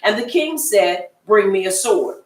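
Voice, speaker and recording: A woman's voice: mid-range voice, expressive, measured pace, distant mic. A woman teaching a Bible study class in a conversational, folksy way, often repeating herself and acting out the voices she quotes. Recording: echoey room, voice from off-mic.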